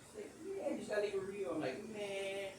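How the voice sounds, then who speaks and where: A man hosting a podcast, telling a rambling, animated story in speech, swearing casually and acting out the quotes. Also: sits high, quick pace, recorded from a distance. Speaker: podcast host. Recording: echoey room, off-mic, background noise.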